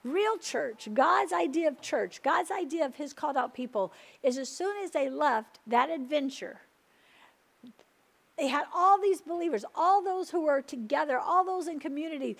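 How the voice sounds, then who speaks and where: A woman pastor preaching a fervent sermon, building to excited peaks with emphatic repetition. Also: sits high, moderate pace, creaky.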